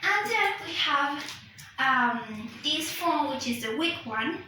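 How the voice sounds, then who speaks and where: Woman teacher, Spanish first language, slow careful explanation, high voice, recorded from across an echoey room. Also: lively intonation, bright, forceful tone, recorded from a distance, a little hiss or hum. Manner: slow and deliberate, checking with "okay?", self-corrects. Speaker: English pronunciation teacher.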